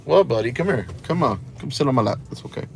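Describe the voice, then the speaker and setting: A man's voice: medium pitch, expressive, fast talker, gravelly, a little hiss or hum. A tired man vlogging from inside his parked car, rambling to viewers with sarcastic asides. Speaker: cop-watch vlogger. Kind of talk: casual running commentary to viewers.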